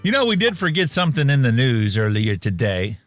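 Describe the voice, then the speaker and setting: A man's voice: mid-range voice, very animated, fairly quick, soft background music. A man co-hosting a casual podcast talk show, rambling with lots of fillers and dad jokes. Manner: jokey, rambling, many fillers. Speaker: podcast co-host.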